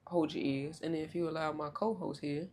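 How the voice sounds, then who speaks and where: A young woman hosting a podcast in casual chat, loud, joking and profane, with big swoops in pitch. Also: fairly even intonation, a little fast. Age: young adult. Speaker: podcast host.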